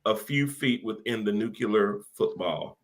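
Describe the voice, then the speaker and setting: A man's voice: lowish voice, measured pace, low-quality recording. A man in casual political chat, rambling and incredulous, often amused.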